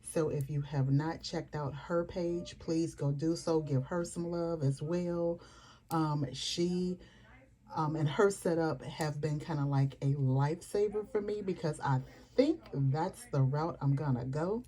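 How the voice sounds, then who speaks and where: Low-voiced lady rambling slowly on her vlog, lots of ums, mellow tone. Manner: chatty, rambling with fillers and asides. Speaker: planner vlogger. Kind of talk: casual chat to camera. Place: at home.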